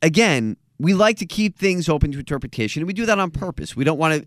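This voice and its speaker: A man's voice: on the high side, expressive, fast, dry recording, studio quality. A man hosting a podcast in casual chat, joking and stressing his points with emphasis. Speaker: podcast host.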